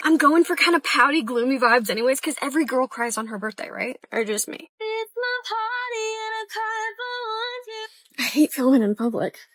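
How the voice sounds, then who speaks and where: Bubbly high-voiced woman in her twenties. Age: 20s. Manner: bubbly, chatty, self-deprecating. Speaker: vlogger. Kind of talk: casual vlog narration.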